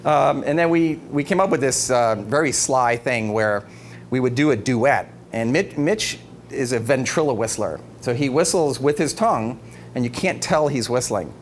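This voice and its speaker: A man's voice: mid-range voice, lively intonation, normal speed. A middle-aged man giving a humorous talk to an audience, telling stories with animation, often laughing and acting out quotes. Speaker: speaker giving an evening talk. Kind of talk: humorous storytelling speech. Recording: noisy live talk recording. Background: background noise.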